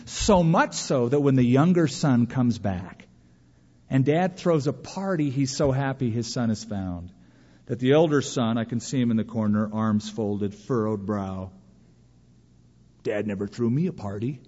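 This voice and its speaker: A man preaching a sermon to a congregation, lively and storytelling, acting out imagined complaints in a raised voice. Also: mid-range voice, moderate pace. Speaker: pastor. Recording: dull lo-fi sound with long reverb of a large hall.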